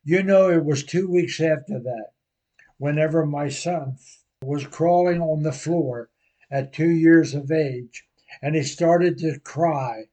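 An older man preaching a sermon, telling a personal story slowly and earnestly. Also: fairly high pitch, mellow. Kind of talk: sermon testimony.

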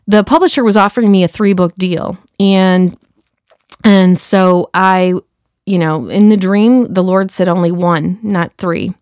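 A woman telling a personal story in a casual, animated way, acting out the dialogue and often saying "you know". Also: fairly low pitch, a little slow, dry recording, studio quality. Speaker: speaker sharing a personal testimony.

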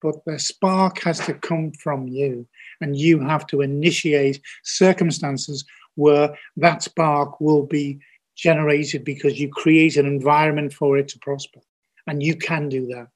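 An older man with a Scouse accent speaks as a guest on a podcast interview. His voice sits somewhat high for a man. He comes across as blunt, earnest and folksy. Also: steady tone, measured pace. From Liverpool, England. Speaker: TV producer guest.

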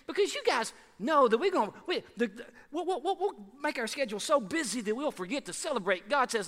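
Pastor, man, high bright voice, lively conversational sermon, big hall reverb. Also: fairly quick, few pauses. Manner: lively, conversational preaching with repeated rhetorical questions.

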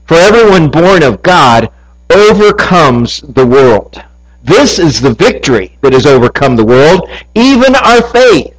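A man's voice: fairly high pitch, poor audio. A man preaching a sermon to his congregation, earnest and building to emphatic peaks. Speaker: pastor.

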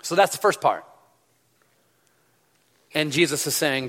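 A man's voice: a little high, measured pace, pauses often, fairly bright tone. A man preaching a sermon, telling a story in a loose, conversational way with many fillers. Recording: long hall reverb.

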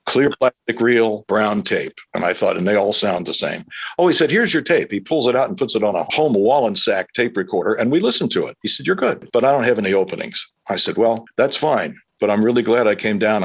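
Older man with a husky, lowish voice. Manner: animated anecdotes, acts out quoted voices. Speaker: radio broadcaster recalling his career. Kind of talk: casual storytelling.

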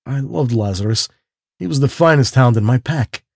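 A man doing a polished, courtly aristocrat of a hunter whose charm carries a menacing edge, his lively voice rising and falling through genteel phrasing. The tone is breathy and close, read as a spoken storybook. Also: normal speed, no echo. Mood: silkily menacing. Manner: polished and genteel, with a lift in pitch.

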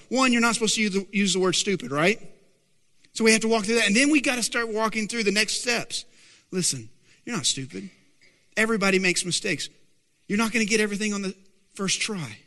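A man preaching a sermon in a high, bright voice, with a lively manner that keeps quizzing the congregation. His voice rings out through the long reverb of a large hall. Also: fairly quick. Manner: animated, asks the congregation questions. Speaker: pastor.

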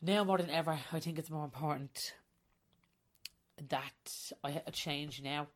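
A woman's voice: low voice, measured pace. A woman in her forties hosting a podcast, talking candidly and confessionally about herself and often breaking into laughter. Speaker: podcast host. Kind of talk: personal podcast monologue.

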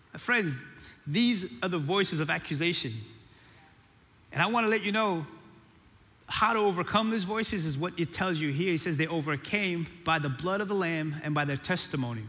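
A man delivers an animated sermon, calling out to the crowd for a response. His voice sits high and rings bright. Long hall reverb trails behind every phrase. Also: normal speed. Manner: animated preaching with call-and-response. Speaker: pastor.

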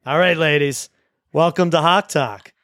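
A man's voice: fairly high pitch, unhurried, no echo, studio quality. A man hosting a school sports show, chatting casually through results and often restarting his sentences. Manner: relaxed, with frequent restarts and repeated words. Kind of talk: casual sports recap chat.

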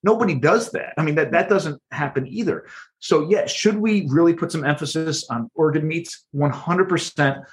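Higher-voiced man explaining animatedly. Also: normal speed. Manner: animated explainer, frequent restarts. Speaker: guest author. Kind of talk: podcast interview.

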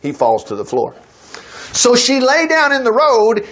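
A man's voice: sits high, big pitch swings, moderate pace, fairly bright tone. A man preaching a sermon at a church service, retelling a Bible story with folksy asides and laughter.

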